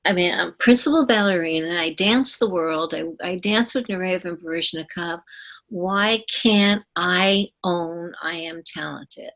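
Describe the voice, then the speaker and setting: An older woman in her seventies shares her life story in an interview. Her voice sits a little low, and she talks in an earnest, reflective way. She takes her time and often stops to restart a thought. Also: a bit bright. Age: 70s. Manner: earnest, unhurried, with pauses and restarts. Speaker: guest, former ballerina.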